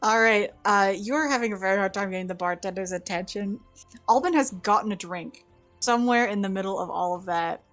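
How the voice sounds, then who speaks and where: A woman's voice: mid-range voice, brisk, fairly bright tone, soft background music. Giggly woman game master. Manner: chatty, giggly, many fillers. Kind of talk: narrating a tabletop game.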